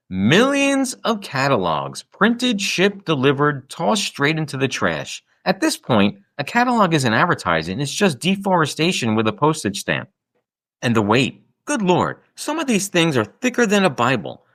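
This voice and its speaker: A man hosting his own podcast, delivering an exasperated, sarcastic comedic rant. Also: fairly bright tone. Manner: exasperated, sarcastic ranting with sudden pitch jumps. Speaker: podcast host.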